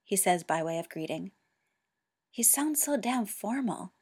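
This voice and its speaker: A woman narrating a piece of fan fiction at a steady pace. Her voice sits in a middle pitch and she keeps her storytelling even from line to line. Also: measured pace, breathy edge. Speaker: reader. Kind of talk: reading fan fiction aloud.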